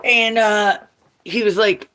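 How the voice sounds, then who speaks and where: Vlogger, woman, 40s: bright voice, crude and candid, rambling chat with frequent laughs. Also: mid-range voice, fairly even intonation, slow pace. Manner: profane, blunt, laughs often. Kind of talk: casual rambling monologue.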